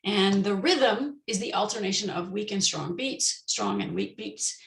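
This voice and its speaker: A woman presenting an online teacher-training lecture, explaining step by step with frequent pauses and slowing down to model example sentences. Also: mid-range voice, wildly swooping pitch, roomy sound, low-quality recording.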